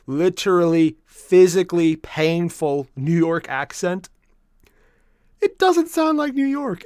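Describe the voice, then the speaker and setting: A man's voice: high voice, dry recording, studio quality. A man hosting a casual reaction video, rambling and repeating himself as he talks through his thoughts.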